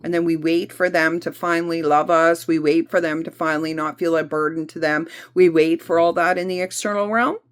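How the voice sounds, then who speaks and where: A woman's voice: sits low, steady tone, fairly quick, hardly any pauses, smooth. Emphatic woman giving a spiritual healing talk. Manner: emphatic, repetitive, blunt with occasional swearing. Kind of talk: spiritual self-help talk.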